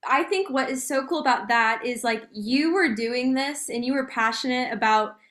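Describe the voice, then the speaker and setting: Higher-voiced encouraging woman host. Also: normal speed, fairly bright tone. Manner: encouraging, brief affirmations. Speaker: podcast host. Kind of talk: casual interview chat.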